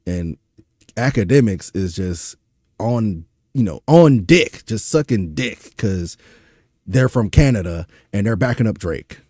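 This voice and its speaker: A young man from Louisiana, speaking with a Louisiana accent, rants through a reaction stream, exasperated and profane, firing off rhetorical questions. His voice is lowish and darkish with lively intonation and a slightly slow pace, recorded in clean studio quality without echo.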